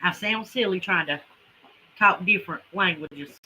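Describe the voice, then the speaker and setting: A woman's voice: on the low side, unhurried, bright, forceful tone, a little hiss or hum, low-quality recording. A woman with a Southern US accent, chatting folksily with viewers as a homesteading livestream host. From Carolinas, US. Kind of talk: casual livestream chat with viewers.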